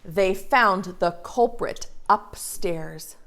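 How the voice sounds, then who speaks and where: A young woman, a preschool teacher, reading a story and talking gently to young children in a sing-song way. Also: medium pitch, extremely slow, a little hiss or hum.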